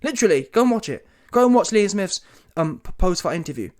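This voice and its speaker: A British man gives a one-man commentary rant, slangy, combative and mocking. His voice sits a little above the usual male pitch, and he rattles along with plenty of energy. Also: sing-song, fast talker. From Britain. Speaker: boxing commentator. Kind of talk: solo opinion rant.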